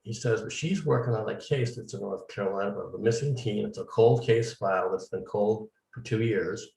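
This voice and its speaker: In a roomy recording from a distant mic, a man being interviewed tells his story at length in a casual way, acting out the dialogue he quotes. He's a medium-profile interview guest with a lowish, creaky, darkish voice at normal speed.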